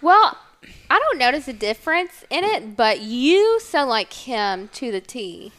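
A woman from Tennessee co-hosting a podcast, talking in an animated, teasing way. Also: high voice, unhurried. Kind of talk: casual chat.

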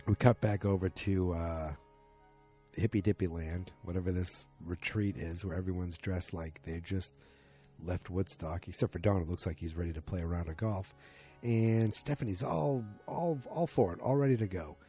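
Deep, mellow-voiced man recapping casually. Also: moderate pace, breathy edge, faint music behind. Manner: loose, rambling retelling with many fillers and quoted lines. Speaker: TV episode recapper.

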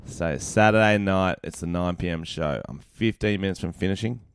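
A young man, a comedian co-hosting a podcast, telling stories in a lively, swearing way with bursts of laughter. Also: sits low, normal speed, smooth, no echo, studio quality. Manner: swearing, animated storytelling with laughs. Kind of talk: casual chat.

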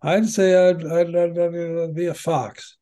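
Older man telling rambling stories, mellow voice. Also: on the high side, flat delivery, takes it slowly. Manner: rambling, full of fillers and restarts. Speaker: interview guest, veteran padel player. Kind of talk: conversational storytelling.

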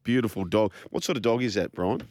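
A man hosting a radio show, upbeat and quick with a quip. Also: fairly low pitch, a little mellow, dry recording. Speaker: radio host. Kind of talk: casual radio banter.

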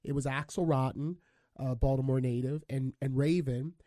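A man's voice: medium pitch, fairly even intonation, normal speed, mellow, no echo, clean studio sound. Upbeat male podcast host. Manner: upbeat, affirming, chatty. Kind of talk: casual interview chat.

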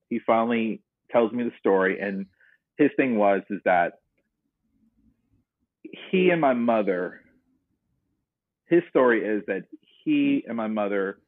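Husky low-voiced man on a phone-like line. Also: no room sound. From North Carolina, US. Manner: earnest, reflective, retells scenes. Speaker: podcast guest. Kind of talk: personal storytelling in conversation. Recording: dry, narrow phone-like line.

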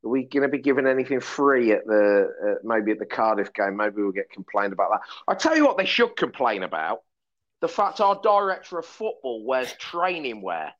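A man chatting on a podcast as a pundit, cracking deadpan jokes and working himself into mock rants. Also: medium pitch, normal speed, highs cut off. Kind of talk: casual chat.

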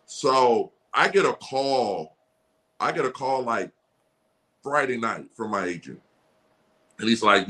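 A man in his forties, a former athlete guest, telling stories in a casual podcast chat, animated, laughing often and swearing freely. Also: mid-range voice, takes it slowly, pauses often. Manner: animated storyteller, frequent laughs and profanity. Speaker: guest, former running back.

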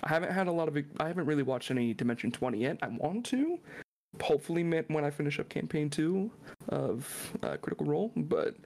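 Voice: mid-range voice, lively intonation, brisk, darkish tone. A podcast co-host chatting casually in a playful, joking manner. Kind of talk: casual chat.

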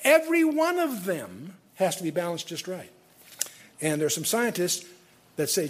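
Husky older man teaching Bible study. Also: on the high side, sing-song, normal speed. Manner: conversational, digressive, frequent restarts and fillers. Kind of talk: lecture-style Bible teaching.

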